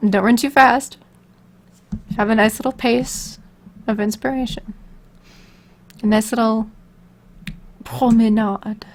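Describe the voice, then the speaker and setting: A woman's voice: on the high side, fairly even intonation, slow pace, pauses often. A woman on a casual livestream, answering viewer questions in a rambling, giggly, self-deprecating way.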